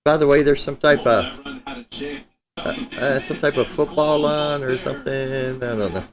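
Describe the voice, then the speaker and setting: A man hosts a live guitar stream, chatting loosely with viewers, joking, and dropping a few profane asides through his streaming setup mic. His mid-range voice moves at a moderate pace, and he pauses often.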